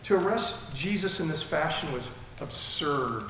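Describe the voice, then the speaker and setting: This male preacher has a fairly high, fairly bright voice and an animated but unhurried delivery. He gives an expository sermon verse by verse, chatting with the congregation and asking rhetorical questions. The big church hall makes the audio very echoey, with faint noise underneath.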